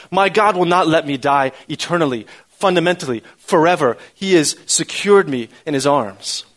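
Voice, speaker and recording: Male pastor, high voice, earnest sermon delivery with repeated emphatic phrases. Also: moderate pace. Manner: earnest preaching with emphatic repetition.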